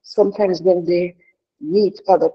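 A woman's voice: on the low side, fairly even intonation, unhurried, slightly rough. A middle-aged woman leading a prayer devotion in an earnest, heartfelt way, often repeating herself and restarting. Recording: dull lo-fi sound.

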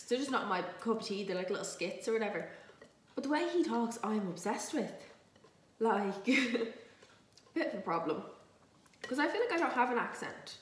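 A young woman with a soft Dublin lilt chats away while she cooks, rambling and teasing herself, with the odd swear word. Her voice sits a little high. She sounds a few steps back from the camera, and the kitchen gives it a noticeable echo. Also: distant mic, slight background noise. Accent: Dublin Irish, light. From Ireland, Dublin. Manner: chatty, rambling, self-mocking, swears freely. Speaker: vlogger. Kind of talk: casual chatty vlog while cooking. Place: home kitchen, indoors. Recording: echoey kitchen, voice a little off-mic.

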